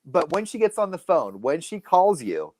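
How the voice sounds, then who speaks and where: A man in his forties co-hosting a casual live stream, telling stories with animated energy. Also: normal speed, dry recording. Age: 40s. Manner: animated storytelling, lively pitch. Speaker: co-host.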